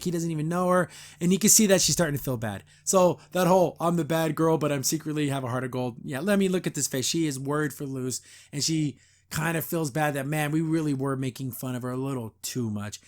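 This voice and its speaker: A man talking casually as a podcast host reacting to a cartoon. His voice sits a little high. He rambles with restarts, gives strong opinions and jumps into quick character voices to retell scenes.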